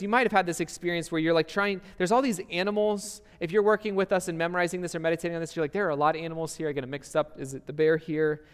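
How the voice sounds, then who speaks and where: Earnest young preacher in a reverberant hall. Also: male voice, on the high side, smooth. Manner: earnest, conversational preaching with restarts and rhetorical questions. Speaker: pastor. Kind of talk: sermon. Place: church sanctuary.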